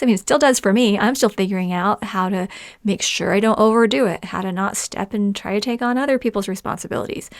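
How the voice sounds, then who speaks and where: A woman hosting a solo podcast, talking with bright enthusiasm, often laughing as she shares listener stories. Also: medium pitch, fairly quick, no echo, clean studio sound. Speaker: podcast host. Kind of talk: casual solo podcast talk.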